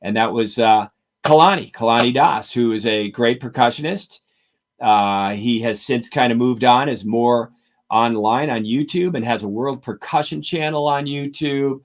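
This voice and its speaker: A man's voice: mid-range voice, moderate pace. A middle-aged man explains drum technique during a live-stream lesson. He talks things through carefully and counts out sticking patterns aloud in rhythm. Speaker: drum teacher and author.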